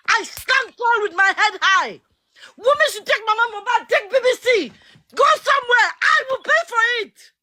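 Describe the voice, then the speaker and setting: A woman speaking with impassioned emphasis in a heated live audio chat, at times raising her voice to a shout. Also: extremely high pitch. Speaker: participant in a live audio discussion.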